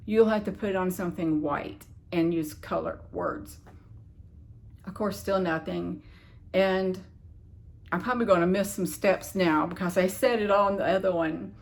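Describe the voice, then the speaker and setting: A woman talks into her phone at a middling pitch, telling a meandering personal story to her viewers. She keeps backing up to restart and sounds frustrated and puzzled as she recounts it. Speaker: vlogger. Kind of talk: rambling personal storytelling to camera. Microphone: phone camera.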